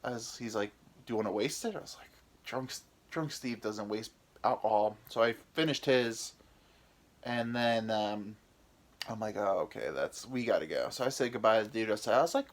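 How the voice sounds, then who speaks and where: A man's voice: fairly low pitch, moderate pace. A young American man, a podcast host, telling a rambling, profane, self-mocking story in a casual comedic way. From United States.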